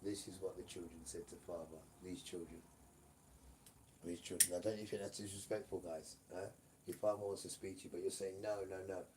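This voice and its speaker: A man preaching on a livestream in a repetitive, emphatic way, often asking the viewers "right?" and breaking into loud bursts. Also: deep voice, level tone, a little fast, far from the mic, background noise.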